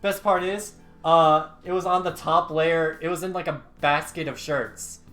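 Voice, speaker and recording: A young man co-hosting a live gaming stream, telling stories in an animated, casual way and swearing freely. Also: a little high, a little slow, faint music behind. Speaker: livestream co-host.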